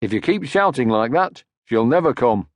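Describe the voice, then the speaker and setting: A man's voice: medium pitch, sing-song, moderate pace, close to an everyday voice. A man voicing an easygoing father troll creature in an audiobook, speaking mildly and reasonably. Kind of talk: audiobook character voice.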